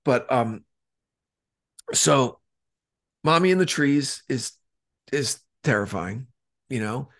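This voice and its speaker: A man of middle pitch talks loosely on a podcast, circling back and restarting as he goes. He swears freely, and his delivery stays casual and unpolished. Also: expressive, slow, long pauses, fairly bright tone. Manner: rambling, swears a lot, many restarts. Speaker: podcast co-host. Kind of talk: casual chat.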